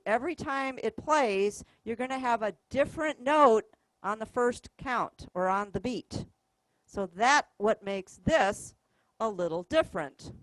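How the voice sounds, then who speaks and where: A woman music teacher leads a class, talking patiently and counting out notes and beats aloud. Her voice sits a little high. The sound is dry and close, with almost no room echo. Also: a bit bright. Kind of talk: classroom instruction.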